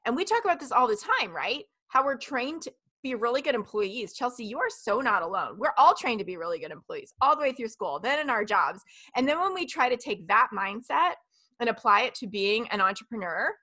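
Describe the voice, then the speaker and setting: A woman in her thirties hosts a casual live stream, her voice pitched a little high with a bright, forceful edge. She talks in a chatty, animated way, rolling through stories. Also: brisk. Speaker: host.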